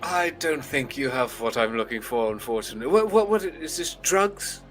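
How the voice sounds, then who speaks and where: A man's voice: medium pitch, expressive, moderate pace, soft background music, lightly acted. A man voicing a prim, polite female adventurer in a tabletop game, speaking in a genteel, lecturing way. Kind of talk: tabletop role-play.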